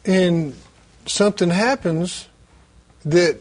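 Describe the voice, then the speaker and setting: A man's voice: sits high, takes it slowly, darkish tone. A man in a casual Christian conversation, agreeing with his partner and talking loosely with fillers. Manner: casual, agreeing, uses fillers like "you know".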